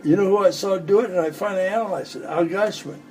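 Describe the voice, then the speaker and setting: A man's voice: high voice, fast, darkish tone, a little hiss or hum, low-quality recording. A man in his eighties, a magician, chatting at home and telling rambling jokes between tricks. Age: 80s. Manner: joking, rambling storyteller. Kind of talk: casual chat with demonstrations.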